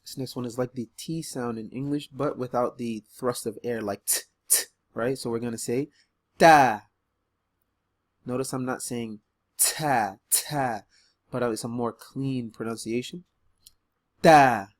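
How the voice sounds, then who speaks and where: Man, Arabic reading teacher, casual and chatty, many ums, loud emphatic letter sounds. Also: mid-range voice. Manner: relaxed and chatty, with frequent ums. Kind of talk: beginner Arabic lesson video.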